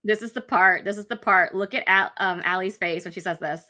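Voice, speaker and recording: A woman's voice: mid-range voice, a little fast, pushed and bright. A woman hosting a reaction video, giggling as she points out people's faces in casual commentary. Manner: laughs often, pointing out faces. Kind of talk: casual commentary over clips.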